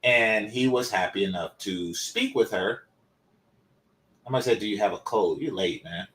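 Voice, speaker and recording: Male host, lowish voice, casual rambling commentary, fighting off a cold. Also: normal speed, fairly bright tone. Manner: rambling, conversational, many fillers. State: developing a cold. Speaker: channel host.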